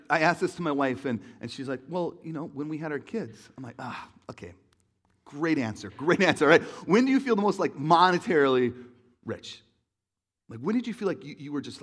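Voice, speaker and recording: A young man preaching a sermon in an auditorium, telling stories in an animated way and acting out voices. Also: fairly high pitch. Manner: animated storytelling, acts out voices, laughs along. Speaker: pastor.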